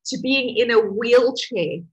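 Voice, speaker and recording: A middle-aged woman who teaches a healing course, telling a personal story in an emotional, animated way with laughter. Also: on the high side, slow, breathy edge, lo-fi sound.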